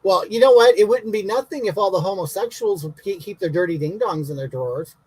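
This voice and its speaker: A man's voice: sits high, a little fast, a little mellow, husky, no echo, poor audio. A man playing a brash, bigoted elderly woman who answers viewers' comments in a comic livestream, talking in blunt, indignant, rambling rants.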